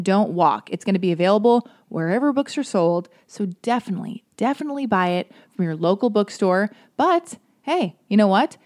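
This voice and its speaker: Bubbly caffeinated woman podcast host. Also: a little high. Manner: bubbly, rambling, self-described Valley girl. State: highly caffeinated. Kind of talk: casual podcast intro.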